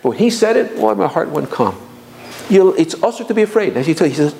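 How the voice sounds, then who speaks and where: A middle-aged man giving an informal Torah lecture, animated, often repeating words as he goes. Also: high-pitched, fast, creaky, a little hiss or hum, low-quality recording. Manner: animated, repeats words, mixes Hebrew and Yiddish terms. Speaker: rabbi giving a Torah class.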